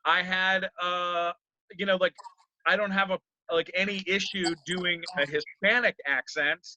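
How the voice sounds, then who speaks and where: A man's voice: high-pitched, fairly even intonation, unhurried, sharp tone, no room sound, low-quality recording. A man, a comedian, chatting casually in an interview, rambling with many fillers and restarts.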